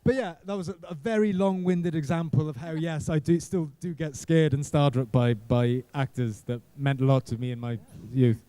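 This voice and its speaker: Halting, rambling man telling stories. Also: fairly high pitch, fairly even intonation, warm tone, clear, resonant tone, dry recording. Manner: rambling, self-deprecating, halting restarts. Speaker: guest actor. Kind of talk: casual convention panel storytelling. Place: convention panel room.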